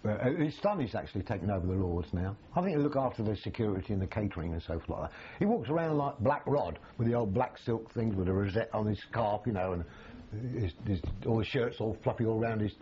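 A man's voice: on the low side, fast, lo-fi sound, slight background noise. Older man telling war stories. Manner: animated, acts out quoted voices, frequent restarts. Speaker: army veteran interviewee. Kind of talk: storytelling reminiscence.

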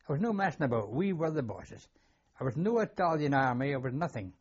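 A man's voice: medium pitch, very animated, fairly quick, breathy edge, lo-fi sound. An older man with a Scottish accent recounting memories in an interview, plain-spoken and given to repeating himself. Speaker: war veteran interviewee. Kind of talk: oral history interview.

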